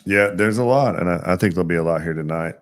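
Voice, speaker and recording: Deep-voiced man hosting a casual coaching chat. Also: fast. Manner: conversational, asks leading questions with frequent "right?". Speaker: coach and show host.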